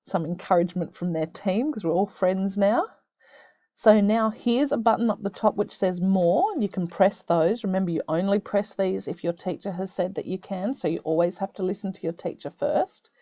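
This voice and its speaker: A woman who teaches young students, explaining a video-call tool step by step in a gentle, encouraging way. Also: fairly low pitch, dry recording, highs cut off. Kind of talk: screen-recorded tutorial for children. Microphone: computer mic on a video call.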